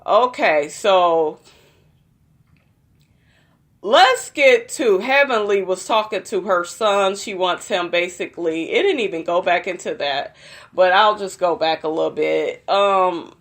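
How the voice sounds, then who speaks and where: In a laid-back vlog, a young woman runs through a reality TV episode for her audience with profanity and plenty of gossip, addressing them as "y'all." She speaks slowly, in a fairly low pitch.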